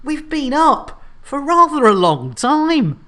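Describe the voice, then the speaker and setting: A woman chatting casually to her viewers on a live game stream, animated and chatty with lots of fillers. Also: sits high, slow pace, noisy background. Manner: animated, chatty, full of fillers and thank-yous.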